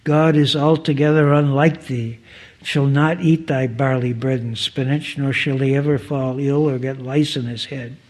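A man's voice: mid-range voice, fairly even intonation, moderate pace, a little mellow, lightly acted. A man reading the lines of a stern male prophet, scolding in old-fashioned speech.

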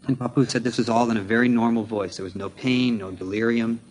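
A man earnestly recounting a personal story at a spiritual gathering, measured and halting, pausing to explain unfamiliar terms. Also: mid-range voice, fairly even intonation, slight background noise. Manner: measured with frequent restarts. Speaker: speaker sharing trip experiences at a spiritual gathering.

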